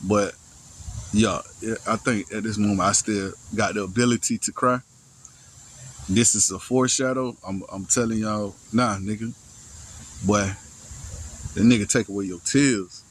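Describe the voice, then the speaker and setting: A young man telling a personal story in casual first person, halting and slangy, full of restarts, sighs and profanity. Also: on the low side, fairly even intonation, a little hiss or hum, poor audio.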